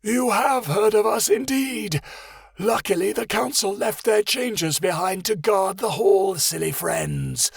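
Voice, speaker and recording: A man's voice: sits high, measured pace, vocal fry, husky, dry recording, studio quality, pitched above the performer's own voice, heavily acted. A man voicing a giant male monitor lizard who cackles and mocks his captives in a fantasy audiobook. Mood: mocking. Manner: cackling, mocking.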